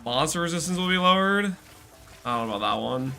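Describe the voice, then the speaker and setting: A man's voice: a little high, animated, fast, vocal fry, sharp tone, soft background music. A man streaming a game live, chatting casually and reading out and answering viewer messages. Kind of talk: casual live-stream commentary while gaming.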